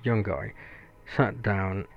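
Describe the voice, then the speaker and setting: A man's voice: fairly low pitch, slow pace, gravelly, highs cut off. A man whose first language is Spanish, telling a casual story full of fillers and swearing. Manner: rambling, profane, lots of fillers.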